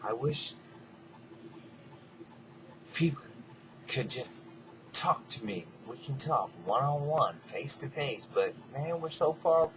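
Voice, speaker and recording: A man rambling in a casual, reflective monologue, swearing freely and drifting between soft mutters and louder bursts. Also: mid-range voice, lively intonation, takes it slowly, pauses often, background noise. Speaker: vlogger.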